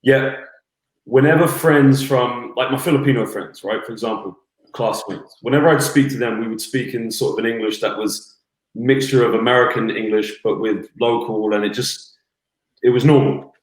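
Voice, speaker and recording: Rambling commentator in a roomy echo. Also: male voice, medium pitch, fairly even intonation, normal speed. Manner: earnest, rambling storyteller. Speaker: basketball commentator, guest. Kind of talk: casual interview chat.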